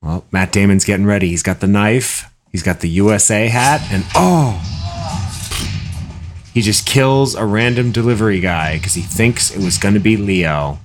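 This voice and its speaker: Laid-back low-voiced podcast man. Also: moderate pace, over music. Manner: laid-back, wisecracking, plugs his business with enthusiasm. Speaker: podcast co-host and personal trainer. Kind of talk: casual chat.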